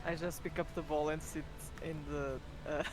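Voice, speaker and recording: A man's voice: on the high side, little pitch movement, moderate pace, faint music behind. A man playing in a tabletop game, chatting casually and laughing often. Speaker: player.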